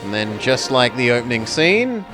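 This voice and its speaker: Guy joking around during a game playthrough, bouncy pitch, bit of music behind. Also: big pitch swings, normal speed. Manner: joking asides with laughter. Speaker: let's play host. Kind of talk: casual gameplay commentary.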